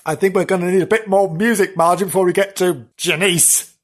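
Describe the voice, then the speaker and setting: A man's voice: sits high, steady tone, a little fast. A man hosting a comic podcast, telling spooky tales in a theatrical, teasing way with playful asides. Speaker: podcast host.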